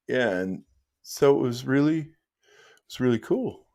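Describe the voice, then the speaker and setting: A man's voice: mid-range voice, animated, a little slow, gravelly, darkish tone. Rambling, friendly live-stream guy. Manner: rambling and friendly, restarts often, calls the listener dude and brother. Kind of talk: casual live-stream chat.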